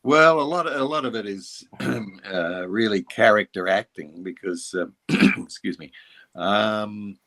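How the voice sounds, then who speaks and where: An older Australian man, a voice actor, telling stories in a relaxed interview with reflective, restarting speech. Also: fairly low pitch, unhurried. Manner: reflective and anecdotal, with frequent restarts. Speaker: voice actor guest. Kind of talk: casual interview chat.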